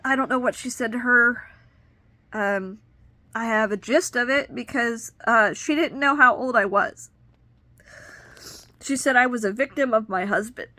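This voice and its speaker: A woman's voice: on the high side, a little slow, pauses often, sharp tone, dry recording. A woman in her thirties telling a personal story with emotional, indignant retelling. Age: 30s. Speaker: vlogger.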